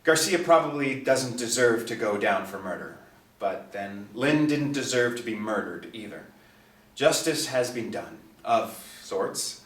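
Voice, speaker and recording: A man voicing a dignified, grieving middle-aged superstar father who speaks in a composed, measured way in a storybook reading. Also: mid-range voice, lively intonation, a bit bright. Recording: echoey, distant mic.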